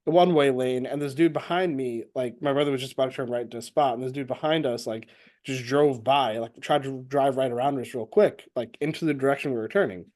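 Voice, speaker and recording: A man's voice: mid-range voice, fast, darkish tone. Easygoing man chatting as a guest. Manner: easygoing, laughs a lot, talks in loose restarts. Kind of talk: casual chat.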